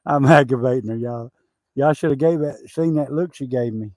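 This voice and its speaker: Homesteader guy, playful teasing, talks to viewers, mid-pitched, dry close recording. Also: normal speed, darkish tone, no echo. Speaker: homesteading vlogger. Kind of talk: casual live chat.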